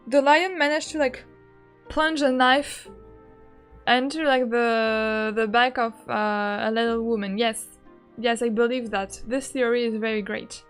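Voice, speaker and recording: Chatty French-accented woman streamer, high voice, giggly, faint music underneath. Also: steady tone, unhurried, clear, resonant tone. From France. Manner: chatty, giggly, fills with "like" often. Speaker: game streamer. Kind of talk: casual gaming stream chat.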